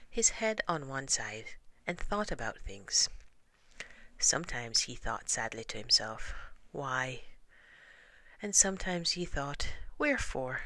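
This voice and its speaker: A man narrating a children's storybook slowly and softly, often sinking to a whisper. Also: mid-range voice, dry recording. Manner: slow and soft, often hushed to a whisper. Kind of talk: storybook reading.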